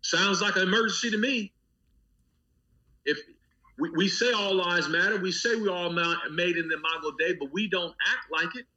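Impassioned preacher-cadenced man, high bright voice. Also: normal speed, muffled recording. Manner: preacher-like cadence, repeating phrases, rhythmic lists. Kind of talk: impassioned interview talk.

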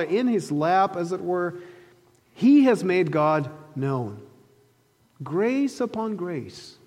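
A man preaching a sermon, telling a story earnestly and slowing down to stress key phrases. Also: fairly high pitch, a little mellow, in a large hall. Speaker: pastor.

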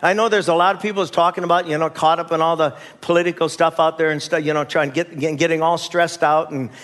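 A man's voice: on the high side, fairly even intonation, fast talker, fairly bright tone. An older man preaching a sermon as pastor, leading the church in call-and-response with folksy asides and chuckles.

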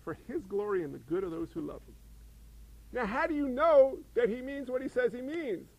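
A man's voice: very high voice, animated, normal speed, poor audio. A man preaching a sermon in a conversational way, posing rhetorical questions and repeating phrases to a congregation. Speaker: pastor.

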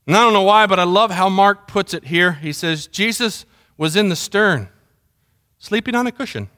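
Middle-aged man, pastor, sermon delivery with a high-set voice, chatty and story-driven. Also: steady tone, moderate pace, bright, forceful tone. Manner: conversational storytelling, mimics sounds.

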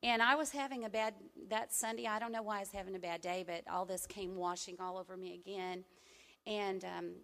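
A middle-aged woman from the American Midwest preaching a sermon and telling a personal testimony, conversational, with loud emphatic bursts and soft asides. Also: medium pitch, steady tone, fairly quick.

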